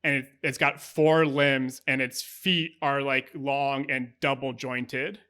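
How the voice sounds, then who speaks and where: A man's voice: mid-range voice, flat delivery, slow pace, pushed and bright, smooth. A man narrating as game master of a tabletop game, describing scenes in an easygoing way and laughing often.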